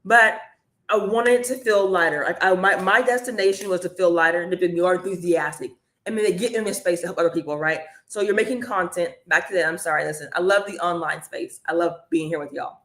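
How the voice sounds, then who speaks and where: Energetic woman live-streaming in an echoey room. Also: lowish voice, fairly quick. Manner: energetic, chatty, addresses viewers as y'all. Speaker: online business coach.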